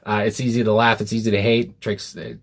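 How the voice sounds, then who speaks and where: A man's voice: fairly low pitch, level tone, brisk, vocal fry. A young man in a small room casually talking through a song reaction, rambling with many fillers and quoting lyrics earnestly. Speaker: music reaction YouTuber. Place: small hot room indoors.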